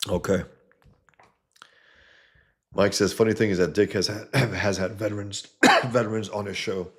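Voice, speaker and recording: Deep-voiced man, blunt rambling livestream chat. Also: steady tone, a little slow. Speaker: livestream host. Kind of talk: casual livestream chat, reading viewer comments.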